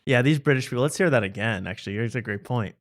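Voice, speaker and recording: A man's voice: mid-range voice, fast talker. A man hosting a casual late-night show, mocking and joking. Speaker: host.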